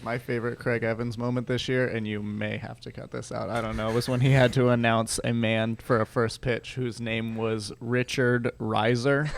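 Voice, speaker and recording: A man's voice: mid-range voice, normal speed, vocal fry, few pauses. A former team staffer, a man, telling a funny story on a podcast and laughing as he goes. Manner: lively storyteller, laughs through his stories. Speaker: former team employee, guest.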